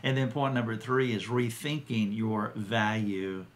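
A man giving an earnest Bible teaching, quoting scripture with emphasis and pausing to restart his sentences. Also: fairly low pitch, little pitch movement.

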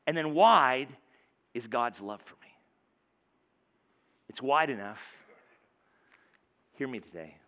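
A man preaching a sermon in a church, conversational and animated, stumbling over restarts and dropping suddenly soft. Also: medium pitch, slow pace, long pauses. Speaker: pastor. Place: church sanctuary.

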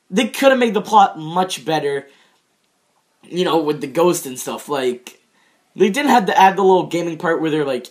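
A young man in his teens giving a casual, rambling review of a TV episode, full of fillers and restarts and laughing at his own jokes. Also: high voice. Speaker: show reviewer.

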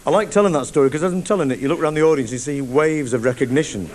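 A man's voice: on the high side, racing. A man telling a comic story in live stand-up, chatty and conspiratorial, on a theatre stage before an audience, in a noisy live broadcast recording. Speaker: stand-up comedian.

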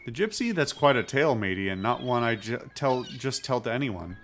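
A man's voice: medium pitch, animated, fairly quick, a bit bright, faint music behind. A man reading a boastful male pirate captain in a hammy pirate accent.

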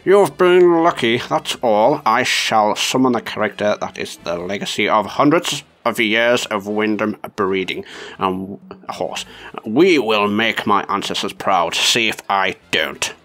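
Man doing a pompous aristocrat, blustering, posh old-fashioned phrasing, lively swooping pitch, gravelly edge. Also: measured pace. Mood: boastful. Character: pompous aristocratic British male rival.

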